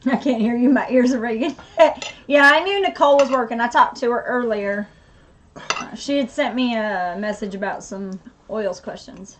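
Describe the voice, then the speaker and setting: A woman's voice: on the high side, normal speed, a bit bright, a little hiss or hum. A woman co-hosting a casual live stream, upbeat and laughing often as she greets viewers and reads their comments.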